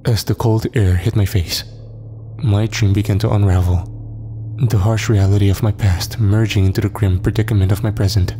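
A man narrating a horror story in a measured, dramatic, scripted style. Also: on the low side, fairly even intonation, warm tone, slight background noise. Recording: long reverb, faint music.

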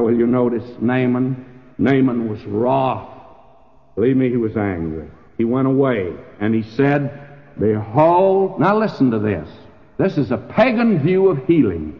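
Older preacher, lively folksy sermon. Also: male voice, medium pitch. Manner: folksy, emphatic storytelling with dramatized quotes. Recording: dull lo-fi recording with hall reverb.

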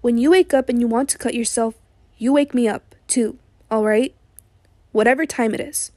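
A hoarse woman reading the part of a patient, worried man who speaks quietly and gently. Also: fairly high pitch, normal speed, no echo, natural voice. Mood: coaxing.

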